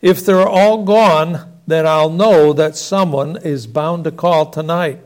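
Man reading flustered mother, fussy, instructive, storybook reading, high voice. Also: takes it slowly, a little mellow. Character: worried flustered mother, middle-aged.

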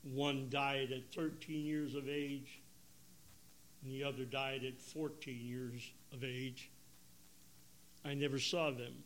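A man, preaching an emotional testimony, swinging from loud bursts to hushed tones. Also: medium pitch, slight background noise. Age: 70s. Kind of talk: sermon testimony.

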